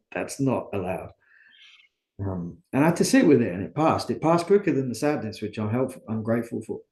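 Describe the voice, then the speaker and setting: A man's voice: medium pitch, sing-song, fairly quick, roomy sound. A man as an interview guest, talking candidly and earnestly about his own life, often asking and answering his own questions. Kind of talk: candid conversational storytelling.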